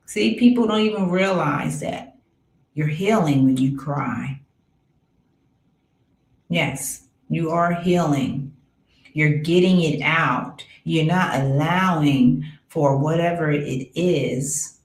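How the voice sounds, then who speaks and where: A woman giving a slow, affirming spiritual talk, with soft murmured asides. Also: sits low, roomy sound, poor audio. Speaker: spiritual coach.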